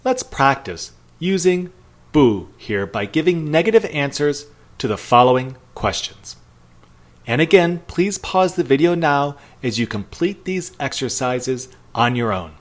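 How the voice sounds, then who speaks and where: Lively-voiced man teaching in a roomy echo. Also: mid-range voice. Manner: models phrases slowly and repeats them. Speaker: language teacher. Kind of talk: recorded pre-class lesson.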